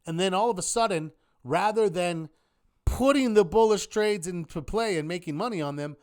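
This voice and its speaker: A man teaching a live online trading class in a lively manner, often asking rhetorical questions. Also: high-pitched, moderate pace. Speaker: trading instructor.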